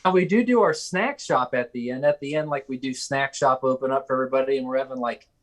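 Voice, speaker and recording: A man who is a youth ministry guest, calmly explaining things in casual podcast chat. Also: mid-range voice, quick pace.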